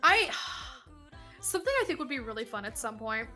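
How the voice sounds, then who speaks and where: A woman's voice: a little high, very animated, normal speed, music in the background. A woman joining the stream as a friend, chatting casually and enthusiastically, swearing freely. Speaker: guest friend on call. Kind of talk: casual chat. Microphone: voice call.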